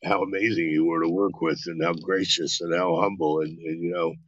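A middle-aged man, a guest actor, telling animated, profane stories in an interview. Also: low voice, fairly quick, no room sound, dull audio. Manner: animated, profane storytelling with acted quotes. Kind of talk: storytelling interview.

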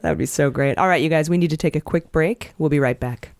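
A woman's voice: low-pitched, fast talker, vocal fry, no room sound, studio quality. A woman hosting a podcast, running through the news with wry jokes in a casual chat. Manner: wry, jokey news rundown. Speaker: podcast host.

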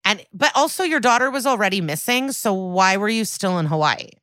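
Bright-voiced woman recapping an episode. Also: medium pitch, brisk, no echo. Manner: swearing, lively recap with quoted dialogue. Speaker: podcast co-host recapping a TV episode. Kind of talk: casual chat.

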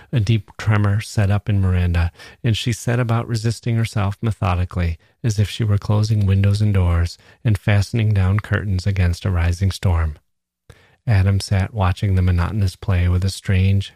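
Guy narrating a short novel, low voice, steady and measured, dry close mic. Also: dry recording. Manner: measured, even storytelling. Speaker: reader. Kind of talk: literary audiobook narration.

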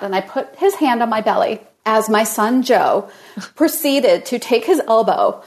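A woman tells stories on a casual podcast panel, acting out quotes with animation. Her voice sits fairly high. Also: moderate pace. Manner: animated storyteller, acts out quotes. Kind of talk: casual chat, storytelling.

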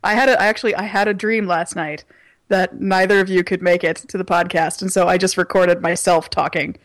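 A woman co-hosting a comedy podcast, tossing in teasing deadpan quips during casual chat. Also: fairly low pitch, brisk, dry recording. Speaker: podcast co-host.

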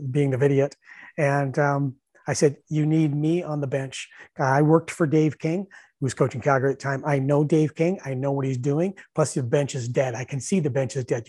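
A middle-aged man and former hockey coach telling stories in casual chat, animated, laughing often and acting out what people said. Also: medium pitch, brisk, slightly rough, dry recording. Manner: animated storyteller, laughs often, acts out shouted bench calls.

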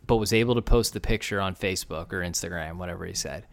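A man's voice: low voice, moderate pace. A man, telling a story in casual podcast chat and acting out the voices of people in it. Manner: animated storyteller, acts out quoted voices.

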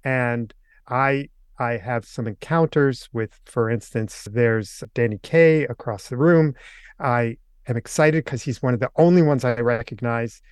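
An older man tells his story as a podcast guest, jumping into the voices of the people he quotes. His voice is smooth and resonant at a middle pitch. The sound is dry and close. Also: measured pace, dry recording. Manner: animated anecdote teller, acts out quotes. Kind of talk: casual storytelling.

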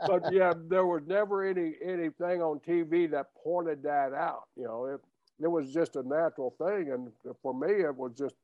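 A man's voice: fairly high pitch, normal speed, no room sound. Man on dull, lo-fi audio. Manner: laughs easily while telling stories. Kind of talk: casual storytelling chat.

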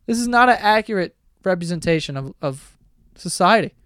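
A man's voice: high voice, fairly quick, clean tone, no echo, studio quality. A man hosting a podcast, ranting casually with lots of swearing and sarcasm. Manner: profane, sarcastic, animated ranting. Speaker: podcast host.

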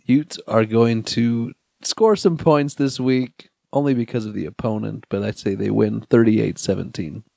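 A man co-hosting a casual sports talk show, agreeable and quick to laugh. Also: fairly low pitch, gravelly, warm tone, dry recording. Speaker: co-host.

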